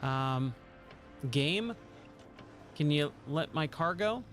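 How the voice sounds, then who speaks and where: A man's voice: on the high side, lively intonation, very slow, a bit bright, faint music behind. A man streaming a driving game live, talking through his moves with a self-mocking, exasperated commentary and pleading with the game.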